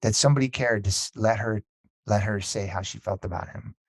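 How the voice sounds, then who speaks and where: A man's voice: on the low side, fairly quick, no room sound. A man telling a story in a casual podcast conversation, acting out what people said. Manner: animated storyteller, acts out quotes. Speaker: podcast guest.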